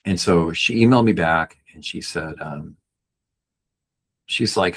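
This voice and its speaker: Low husky-voiced man telling his story. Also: unhurried, long pauses, a bit bright. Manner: earnest, acts out quoted people with raised pitch. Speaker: podcast guest. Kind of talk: personal storytelling.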